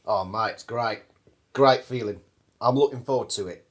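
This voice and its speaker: A man's voice: mid-range voice, fast talker, fairly bright tone, voice pushed down, close to an everyday voice. A man voicing a laid-back Australian robot competitor with a breezy, easygoing manner. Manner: breezy, says mate and crikey.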